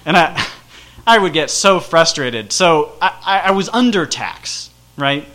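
Male storyteller, slightly high, bright tone; rambling, self-mocking, lively delivery. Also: unhurried. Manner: rambling, self-deprecating, animated. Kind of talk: casual personal storytelling.

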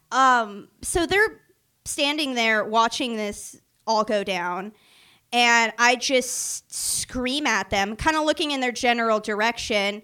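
A young woman telling a funny story about her own past to the camera, animated and self-mocking, acting out the other people's voices as she goes. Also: a little high. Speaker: vlogger. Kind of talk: storytime anecdote.

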